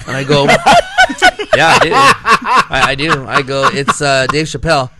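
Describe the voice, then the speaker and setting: With huge pitch swings in a voice on the high side, a man takes his time telling a long story as a podcast co-host. He rambles casually, says "like" constantly, restarts often and laughs a lot, all against heavy background noise.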